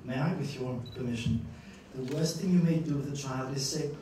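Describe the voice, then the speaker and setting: A man giving a master-class lecture to students, an animated storyteller who acts out scenes and laughs often. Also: medium pitch, fairly quick, slight background noise. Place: university lecture room. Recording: echoey hall, distant mic.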